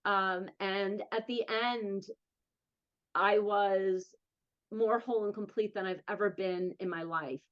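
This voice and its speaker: With a steady, medium-pitched voice and a New Jersey accent, a woman is interviewed as an advocate, telling her personal story candidly and with emphasis. She sounds earnest and talks in quick bursts; the recording's highs are cut off.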